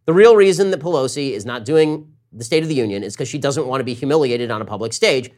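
A man hosting a political commentary show, talking in a fast, sarcastic monologue and mimicking his opponents in quick asides. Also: medium pitch, lively intonation, a little mellow.

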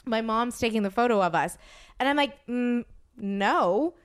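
A woman's voice: a little high, expressive, a little fast, smooth. A woman hosting a podcast, telling a story in casual chat, acting out quotes and swearing freely. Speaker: podcast host.

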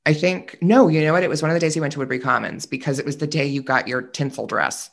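A man as a podcast guest in casual chat, telling animated stories with lots of "like" and fillers. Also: on the high side, fast talker, creaky. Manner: animated storyteller, chatty with many fillers.

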